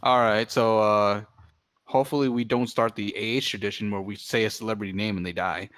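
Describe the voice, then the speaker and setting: A man co-hosting a podcast in casual chat, relaxed and joking. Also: on the low side, brisk. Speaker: podcast co-host.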